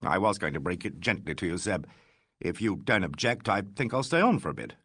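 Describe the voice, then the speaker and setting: A man's voice: deep voice, sing-song, fairly quick, a bit bright, breathy edge, dry recording, heavily acted. A man voicing a dry, understated painter in a mystery audiobook. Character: dry, laconic male painter.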